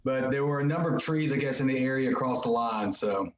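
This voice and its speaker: A man's voice: mid-range voice, fast talker, slight background noise. A man appearing as a guest on an interview show, answering in an easygoing way over a remote call. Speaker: guest musician. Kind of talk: casual interview chat. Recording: roomy, dull remote call audio.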